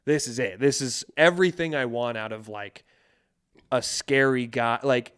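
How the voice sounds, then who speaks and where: Casual male podcast co-host, smooth clear voice, rambles with lots of restarts and swearing. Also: mid-range voice, normal speed, a bit bright. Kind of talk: casual chat.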